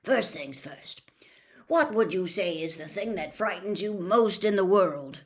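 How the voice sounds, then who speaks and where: A woman's voice: medium pitch, expressive, a little slow, close to an everyday voice. A woman reading the part of a kind, patient middle-aged male teacher in a storybook. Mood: patient, kindly. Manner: gentle, patient, encouraging.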